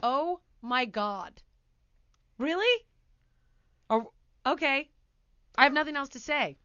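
A woman talk show host telling a story in a casual, animated way, acting out scenes as she goes. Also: sits high, measured pace, clear, resonant tone, dry recording, dull audio. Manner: animated, laughs mid-sentence, acts out scenes.

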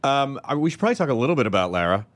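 A man's voice: medium pitch, sing-song, very fast. An American man hosting a podcast in a goofy, playful way. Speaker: podcast host. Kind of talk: casual podcast chat.

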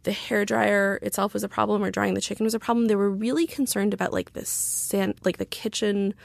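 A woman's voice: medium pitch, fairly even intonation, fairly quick, vocal fry, no room sound. A woman telling a story in casual podcast chat, chatty with many fillers and sarcastic asides. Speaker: guest, writer.

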